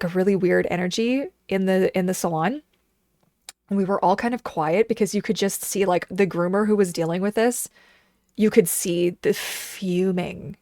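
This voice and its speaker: A woman in her thirties streaming and chatting casually, telling animated stories and acting out the voices of people and her dogs. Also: medium pitch, no echo, studio quality. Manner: animated storyteller, acts out quoted voices. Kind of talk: casual chat.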